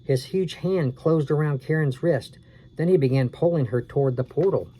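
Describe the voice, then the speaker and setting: A man reading a scary children's storybook aloud at a steady, unhurried pace. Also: fairly high pitch, breathy edge, low-quality recording.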